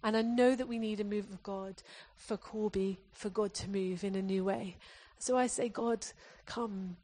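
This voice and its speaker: A woman's voice: medium pitch, steady tone, measured pace, dark tone. A woman preacher from England giving an earnest sermon, often restarting her phrases as she exhorts the congregation.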